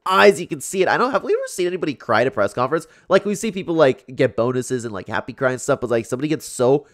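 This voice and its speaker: A man's voice: mid-range voice, lively intonation, very fast. A young man, a YouTube commentator, reacting to fight clips in casual chat, laughing often and filling his talk with "like". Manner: chatty, laughs often, lots of "like".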